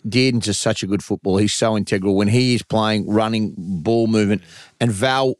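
A man with a Queensland accent filling in as host on a casual sports podcast, dry and quick with retorts. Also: on the low side, dry recording. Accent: Australian, Queensland. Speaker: fill-in host.

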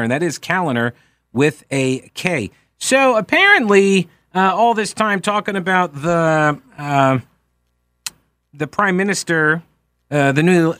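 A man's voice: on the high side, a bit bright, dry recording, clean studio sound. An American man hosting a talk radio show, rambling and joking in a casual way. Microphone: studio microphone.

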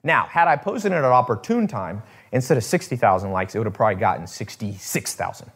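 A man's voice: fairly low pitch, animated, fast, a bit bright, breathy edge. A man hosting a casual talk to his viewers, rambling with restarts and swearing, acting out the people he quotes. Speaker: host.

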